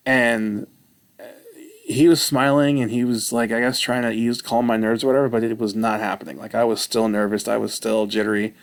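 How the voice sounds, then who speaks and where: A man vlogging, telling a rambling personal story with self-mocking, animated retelling. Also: lowish voice, fairly quick.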